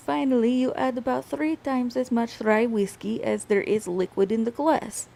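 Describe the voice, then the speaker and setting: A woman's voice: on the high side, steady tone, normal speed, gravelly, dark tone. A woman casually telling a history story to her podcast co-hosts, often laughing and restarting.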